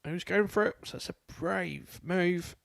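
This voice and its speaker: A man's voice: sits high, unhurried, vocal fry, dry recording. A man co-commentating live darts, chatty and conversational in his analysis.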